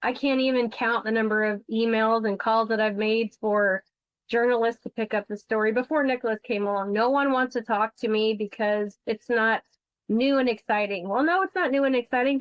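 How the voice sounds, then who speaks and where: A woman's voice: fairly high pitch, no room sound, highs cut off. A woman guest who investigates insurance fraud, telling her story bluntly and emotionally on a podcast interview. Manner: blunt, emotional, swears freely.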